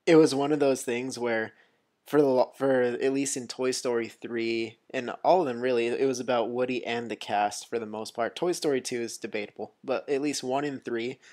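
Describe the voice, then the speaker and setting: A man's voice: medium pitch, moderate pace. Rambling man on a movie podcast. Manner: relaxed, rambling, filler-heavy. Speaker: podcast co-host. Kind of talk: casual chat.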